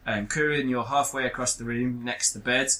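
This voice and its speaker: A man narrating a tabletop horror game as game master, halting with many pauses and restarts. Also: medium pitch, steady tone, bright, forceful tone, low-quality recording.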